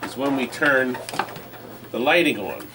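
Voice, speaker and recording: A man's voice: mid-range voice, big pitch swings, unhurried, noisy background. A man hosting a live online auction stream, joking while describing items up close.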